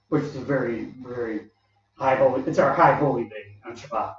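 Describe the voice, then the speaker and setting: A man's voice: mid-range voice, moderate pace, a little hiss or hum. A man telling rambling stories from his old jobs in a casual vlog, laughing often and acting out what people said to him. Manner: laughs often while talking, acts out quoted people. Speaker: vlogger telling work stories. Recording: echoey, dull, from far off the mic.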